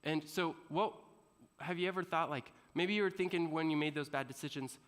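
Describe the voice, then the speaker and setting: A man with a fairly high, bright, forceful voice gives a motivational talk to students, telling a story with animation and often asking questions of the audience. His voice rings with a long reverb, as if it were filling a large school hall. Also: brisk. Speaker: motivational speaker.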